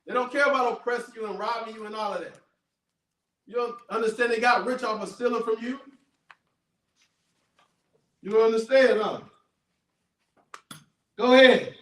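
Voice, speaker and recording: A man with a high, ringing voice preaches loudly, repeating each verse in blunt slangy street talk and calling for the next one. The recording is echoey and he sounds set back from the mic. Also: steady tone, normal speed, pauses often, distant mic. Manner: loud, emphatic, repeats and paraphrases verses, slangy. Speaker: street preacher teaching scripture. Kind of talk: street sermon with call and response.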